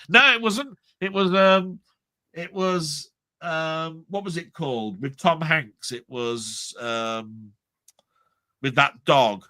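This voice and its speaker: Bloke yapping old stories, bright tense voice, no room sound at all. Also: male voice, a little high, slow, no room sound. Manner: animated storyteller, mimics friends in quotes, laughs often. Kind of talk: casual chat, anecdote telling.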